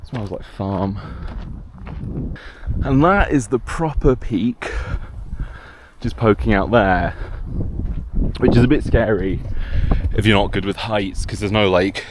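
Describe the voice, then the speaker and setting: A man with a low voice talks casually to a handheld camera while walking a hill path. He rambles and mocks himself, swears now and then, and sounds a little out of breath. Clear wind and outdoor noise run behind him. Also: slow pace, pauses often. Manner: rambling, self-mocking, sweary. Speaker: vlogger. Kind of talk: casual hiking vlog.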